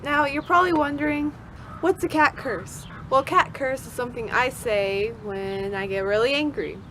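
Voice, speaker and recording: A woman's voice: sits high, moderate pace. A young woman telling a casual storytime vlog outdoors, with birds and cars in the background. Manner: animated, mock-angry rants with kid-friendly insults. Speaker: vlogger. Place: outdoors in nature. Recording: faint outdoor background noise. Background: birds, cars and distant voices.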